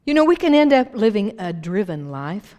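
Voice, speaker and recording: A woman's voice: mid-range voice, very animated, normal speed, a little mellow. A woman pastor preaching a folksy sermon to her congregation, laughing often and leading them in call-and-response. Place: church sanctuary. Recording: long hall reverb.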